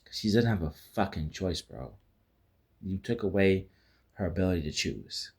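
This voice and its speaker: Man, deep voice, husky, casual movie review, rambling, lots of restarts and fillers. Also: very animated, normal speed, darkish tone. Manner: retells scenes by acting out quoted lines. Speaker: film reviewer.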